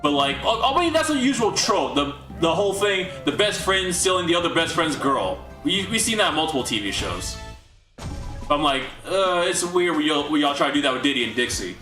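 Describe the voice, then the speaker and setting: A man's voice: on the high side, big pitch swings, a little fast, bright, forceful tone. A young man hosting a livestream, casually recapping a story with rambling, incredulous asides to chat. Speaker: livestream host. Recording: echoey room with faint music.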